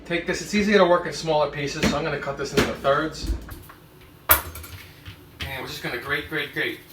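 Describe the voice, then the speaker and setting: A man's voice: fairly high pitch, fairly even intonation, normal speed, reverberant, distant mic, heavy background noise. A man hosting a comedic cooking demonstration in his kitchen, full of joking asides. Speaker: cooking show host. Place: home kitchen.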